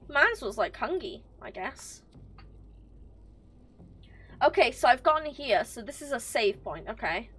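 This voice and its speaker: A woman streaming a game live, excitable and swearing, talking to the game characters and to her chat. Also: on the high side, a little slow, pauses often, slightly rough. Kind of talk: live gameplay commentary.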